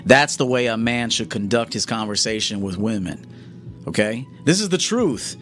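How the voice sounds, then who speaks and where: A man's voice: on the low side, animated, moderate pace, a bit bright, soft background music. A man coaching his audience in a live-stream monologue, blunt and confrontational, often checking "okay?". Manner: blunt, lecturing, confrontational, keeps asking "okay?".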